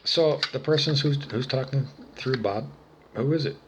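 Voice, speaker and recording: A man ranting angrily and profanely to the camera, swinging between low muttering and loud outbursts. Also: normal speed, heavy background noise. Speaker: vlogger. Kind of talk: angry solo rant to camera.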